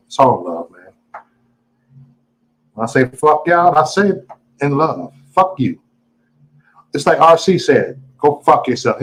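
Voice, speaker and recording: In poor-quality audio, a man with a mid-range voice hosts a casual live stream, greeting viewers before ranting at them. He's profane, taunting, and boastful.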